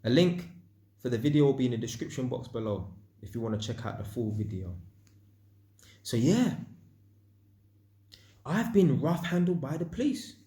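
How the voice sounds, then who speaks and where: A man's voice: medium pitch, big pitch swings, moderate pace, long pauses, mellow, roomy sound. A man vlogging, telling a personal story in casual slang and acting out sound effects. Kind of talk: storytelling monologue.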